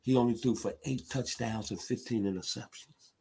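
A man's voice: medium pitch, steady tone, normal speed, creaky, a little mellow, husky. A man from Memphis, giving an emphatic sports commentary monologue. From Memphis, Tennessee. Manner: emphatic, builds to impassioned outbursts.

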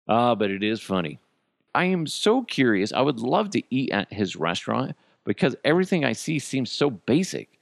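A man's voice: mid-range voice, creaky, no room sound, studio quality. A man hosting a podcast, ranting in a profane, mocking, comedic way. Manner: swears constantly, animated and mocking. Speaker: podcast host.

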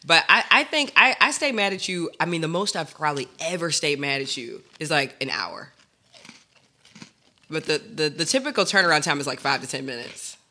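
A woman co-hosting a casual podcast with her partner, animated, acting out quotes and laughing often. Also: deep voice, brisk. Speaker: podcast co-host.

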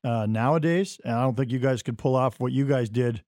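A man hosting a podcast, chatting casually and chiming in with quick reactions. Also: mid-range voice, darkish tone, dry recording, studio quality. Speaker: podcast host. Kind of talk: casual chat.

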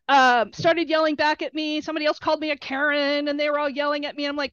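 A middle-aged woman, a player's mother, telling animated stories in an interview and acting out quotes in a shrill high voice. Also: fast talker, few pauses, dry recording. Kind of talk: storytelling interview. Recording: dull lo-fi recording.

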